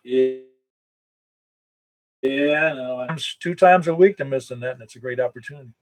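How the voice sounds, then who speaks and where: A man's voice: mid-range voice, moderate pace, poor audio. A man acting as net control on a ham radio net, chatting casually and rambling with self-corrections. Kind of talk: casual on-air radio chat.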